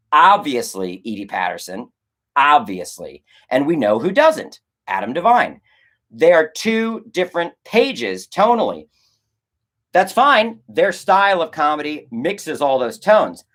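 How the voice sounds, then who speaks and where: A young man, a filmmaker, chatting casually on a livestream and answering chat, rambling and animated, swearing and acting out conversations. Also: on the high side. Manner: animated, rambling, swears, acts out quoted exchanges.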